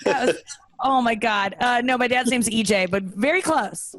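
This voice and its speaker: Teasing, excitable woman comedian. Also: fairly high pitch, moderate pace. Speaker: comedian guest. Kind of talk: casual podcast banter.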